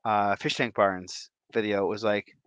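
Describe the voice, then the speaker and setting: A man from Michigan hosting a livestream, giving goofy, playful shout-outs to his viewers. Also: on the low side, fairly even intonation, clean tone, no echo. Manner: playful and goofy, drawn-out silly repetitions. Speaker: livestream host.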